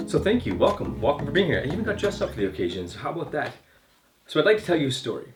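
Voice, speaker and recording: A man's voice: a little high, big pitch swings, very fast, roomy sound, music in the background. A male pastor telling a sermon story in vivid, scene-painting detail, recorded in his home studio.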